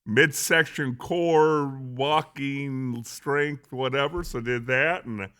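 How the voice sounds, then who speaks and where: A man's voice: medium pitch, slow, fairly bright tone, clear, resonant tone. A middle-aged man co-hosting a sports radio show, easygoing with dry remarks in casual chat.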